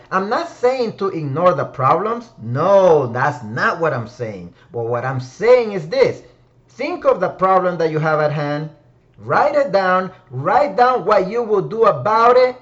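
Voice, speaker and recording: A man delivers a motivational talk with emphatic, preachy repetition. His voice sits high and swings widely in pitch. The recording sounds dull and lo-fi. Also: a bit bright. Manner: preachy, emphatic, repeats key phrases. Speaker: motivational speaker.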